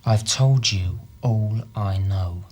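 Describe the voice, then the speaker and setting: A man's voice: fairly low pitch, slow pace, a little mellow, a little hiss or hum. An actor playing an evasive male city trader with a Cockney accent, a suspect answering police questions defensively.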